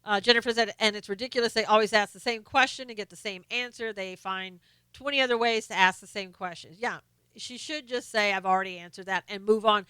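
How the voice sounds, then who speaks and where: A woman hosting a casual live stream, reading viewer comments aloud in a chatty, halting way full of fillers and restarts; she is losing her voice. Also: medium pitch, bright, forceful tone, clear, resonant tone, dry recording.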